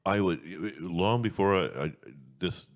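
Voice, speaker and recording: Podcast host, man, extremely low voice, loose rambling chat with restarts. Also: a little slow. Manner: rambling, repeats words and restarts. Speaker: radio show host.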